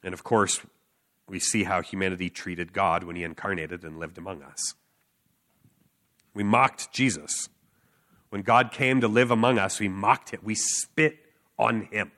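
Male preacher, lowish pitch, bright tense tone, earnest, emphatic, casual fillers. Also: fairly even intonation, a little slow, pauses often. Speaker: street preacher. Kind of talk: sermon with personal story.

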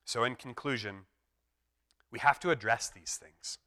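A man's voice: mid-range voice, measured pace, sharp tone. A man preaching a sermon in an earnest, emphatic way. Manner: earnest, emphatic preaching that acts out quoted voices. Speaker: pastor.

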